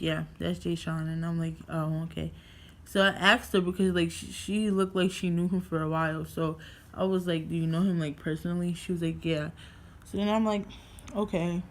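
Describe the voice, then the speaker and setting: A young woman from New York vlogging casually at home, rambling through a story with lots of fillers and swearing. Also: fairly low pitch.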